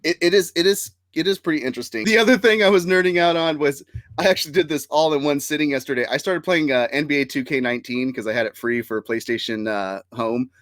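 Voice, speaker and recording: A man's voice: on the high side, quick pace, a bit bright, no room sound. A man hosting a casual live-streamed nerd podcast, upbeat and chatty, laughing often and using fillers. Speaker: podcast host.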